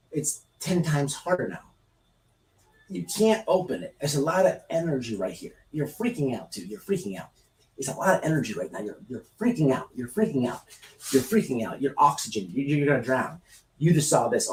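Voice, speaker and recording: A man hosting a live stream talks casually at a middle pitch, acting out scenes with animated, repetitive bursts. He sits back from the mic, and his voice rings around a roomy, echoey space. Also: far from the mic. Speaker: livestream host.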